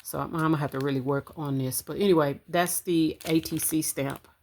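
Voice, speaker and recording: A woman talks to her viewers in a low, deep voice, relaxed and chatty, calling them y'all. She counts out small amounts aloud at home, recorded on a camera on a stand with a faint hiss of noise behind her. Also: fairly quick. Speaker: budgeting vlogger. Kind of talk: casual chat to camera. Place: home room.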